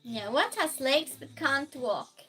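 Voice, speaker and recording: A woman hosting a live stream, chatting casually, reading viewer comments aloud and calling out loud greetings to regulars. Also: high voice, lively intonation, takes it slowly, soft background music. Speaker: livestream host.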